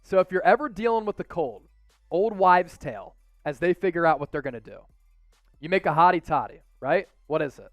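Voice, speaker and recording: A man with a Philadelphia accent hosts a live sports stream in casual chat, his voice pitched fairly high and smooth, resonant. He gets excitable and loud when hyping donations. The sound is dry and close, with faint music underneath. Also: a little fast, no room sound. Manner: excitable, hypes viewer donations with loud outbursts. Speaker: sports show host.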